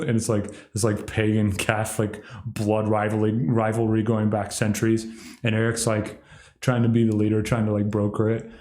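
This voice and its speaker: A man's voice: on the low side, little pitch movement, normal speed, darkish tone. Man, livestream commentator, sardonic, mocking, rambling, echoey room. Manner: sardonic, mocking, breaks into exaggerated impressions.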